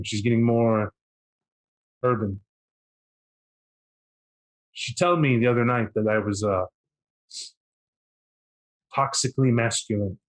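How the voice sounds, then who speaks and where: A man's voice: mid-range voice, natural voice, poor audio. A man voicing a proud, pompous male vampire in a tabletop game who declares his own importance. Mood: troubled, pompous.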